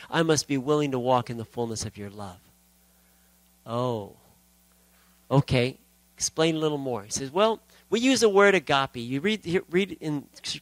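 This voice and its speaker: A man's voice: fairly high pitch, dry recording, low-quality recording. A man preaching a sermon in a conversational storytelling way, quoting scripture as he goes.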